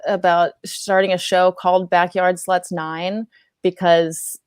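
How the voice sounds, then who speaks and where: A young woman comedian chatting casually, telling stories and acting out quoted voices in a high chirpy tone, laughing often. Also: level tone, slow, clean tone, dry recording, studio quality. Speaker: comedian guest. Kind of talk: casual podcast chat with storytelling.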